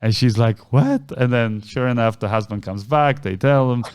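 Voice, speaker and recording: A man co-hosting a podcast, casually retelling a story and acting out the voices of the people in it with big jumps in pitch. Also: moderate pace, darkish tone, smooth. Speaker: podcast co-host.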